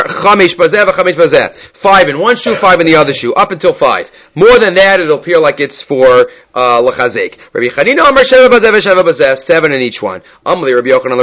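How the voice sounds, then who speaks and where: A man leads a daily Talmud class in a lively, questioning manner. His voice sits a little high for a man. He often mixes Hebrew terms into his talk. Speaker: Talmud teacher.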